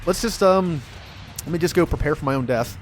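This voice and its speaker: A man streaming a video game, chatting casually and excitably, yelping and laughing as he plays. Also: a little high, a little fast, slight background noise. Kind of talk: casual gameplay commentary.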